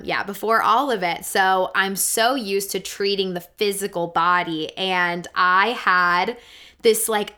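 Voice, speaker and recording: Bright, clear-voiced woman telling stories. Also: medium pitch. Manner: earnest, animated storytelling with many fillers. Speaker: guest, physical therapist. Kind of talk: casual podcast conversation.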